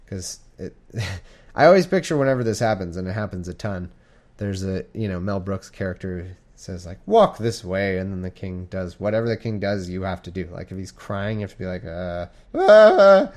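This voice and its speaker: A man's voice: deep voice, brisk, a little mellow. A man casually reading scripture aloud and commenting in a rambling, irreverent way, often swearing and stumbling over names. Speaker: reader and commentator.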